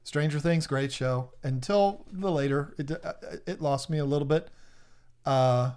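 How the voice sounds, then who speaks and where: A man's voice: a little high, a little mellow, smooth. A man, hosting a casual live stream and teasing viewers as he runs through their guesses. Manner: playful, teasing, lists guesses rapidly. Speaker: livestream host.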